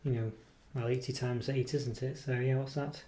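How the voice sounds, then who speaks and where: A man's voice: mid-range voice, fairly even intonation, moderate pace, warm tone, a little hiss or hum. A man casually reviewing a chocolate product. He rambles and hesitates, full of ums and self-corrections, and pokes fun at himself. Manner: self-deprecating.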